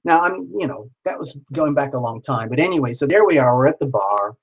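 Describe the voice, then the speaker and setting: A man telling a personal story in a casual, animated way, swearing freely and acting out the other people in it. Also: medium pitch, fairly quick, slightly rough, low-quality recording. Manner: animated, swears casually, acts out quoted voices.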